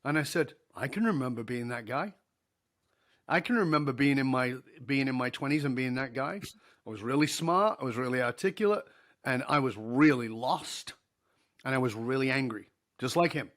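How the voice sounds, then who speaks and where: A middle-aged man speaks as a guest on a podcast, spinning a story with animated delivery. He voices the other people in it and laughs easily along the way. His voice sits at an ordinary middle pitch. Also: moderate pace. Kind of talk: storytelling interview.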